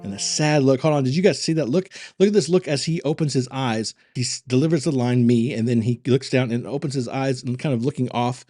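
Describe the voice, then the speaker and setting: A man's voice: medium pitch, fairly quick, few pauses, warm tone, dry recording. A man who works as an acting coach, giving casual video commentary and thinking his points through aloud, often rephrasing them.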